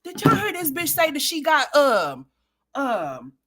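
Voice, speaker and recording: Lively, bright-voiced woman roasting someone. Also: high-pitched, measured pace. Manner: profane, trash-talking, laughing often; talks straight to her viewers. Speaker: livestream host. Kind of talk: gossip commentary livestream.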